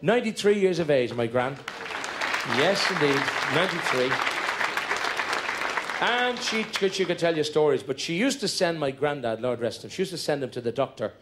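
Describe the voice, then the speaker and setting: On a hotel show stage, a stand-up comedian tells comic stories live in a chatty, breezy manner, now and then breaking into short sung ditties. His voice sits on the high side and sounds animated, at a normal pace. The live recording is full of heavy background noise from a loud crowd, with audience laughter and music.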